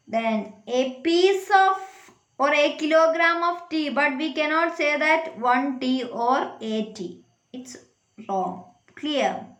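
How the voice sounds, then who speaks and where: Slow, bright-voiced woman teaching grammar. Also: sits high, reverberant. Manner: slow, questioning, checks with the class. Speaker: English teacher. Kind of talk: classroom grammar lesson.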